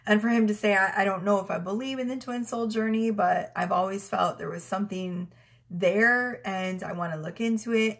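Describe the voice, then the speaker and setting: Giggly middle-aged tarot lady, chatty and emotional, acts out what clients said. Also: on the high side. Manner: chatty, giggly, emotional, quotes herself and clients in small voices. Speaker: tarot reader. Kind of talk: casual spiritual storytelling to camera.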